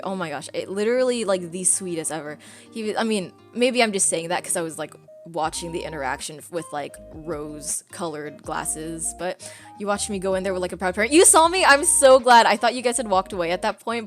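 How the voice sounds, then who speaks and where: A woman streamer chatting casually, telling a long story in an excitable, rambling way full of fillers. Her voice sits in an ordinary middle pitch. Faint music plays underneath. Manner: rambling, filler-heavy, excitable with frequent laughs.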